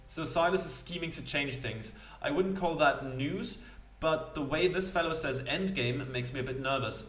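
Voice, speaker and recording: A man voicing a sharp-tongued young woman investigator with a British accent and a wry, dry manner. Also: a little high, normal speed, reverberant, distant mic, lightly acted.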